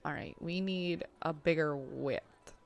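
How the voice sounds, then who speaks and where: A woman's voice: deep voice, takes it slowly, vocal fry. A woman streaming a zoo-building game, chatting casually to herself and her animals with lots of fillers. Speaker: gameplay streamer. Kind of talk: casual gaming commentary.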